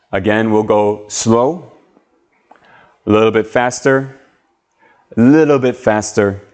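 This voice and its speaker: A man teaching an English lesson on video, speaking slowly and carefully as he models sounds and words. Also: lowish voice, darkish tone. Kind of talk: slow, clear classroom video lesson.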